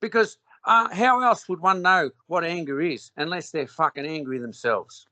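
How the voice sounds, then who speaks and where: A man in a heated argument, cross-examining his opponent with profane, rapid-fire questions. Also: on the high side, sharp tone, no room sound. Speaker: debater.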